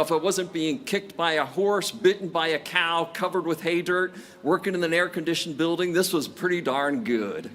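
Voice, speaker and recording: A man's voice: fairly high pitch, fairly bright tone, slight background noise. A man in his sixties giving a commencement speech, telling stories from his career with self-deprecating jokes. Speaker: commencement speaker. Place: outdoor stadium ceremony.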